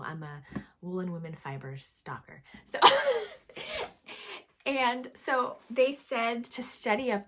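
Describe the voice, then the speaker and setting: Breathy, excitable woman knitting podcaster. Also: fairly low pitch. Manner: excitable storytelling, drops to breathy whispers. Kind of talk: casual chat to camera.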